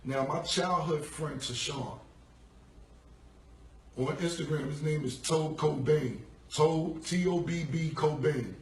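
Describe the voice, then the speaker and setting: A gravelly-voiced man tells a casual, profane story in street slang, slipping into the voices of the people in it. His phone sits some way off in an echoey room, so the sound is distant and hollow. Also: on the high side, slow, a little hiss or hum. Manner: loose, profane, street slang, acts out quoted dialogue. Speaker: rapper telling a story on a live stream.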